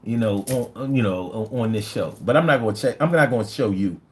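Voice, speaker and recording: A man's voice: fairly low pitch, fairly quick. A man in his fifties with a Philadelphia accent, hosting a casual livestream, reading chat and telling stories in profane, slangy talk. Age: 50s. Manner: animated, profane, slangy storytelling.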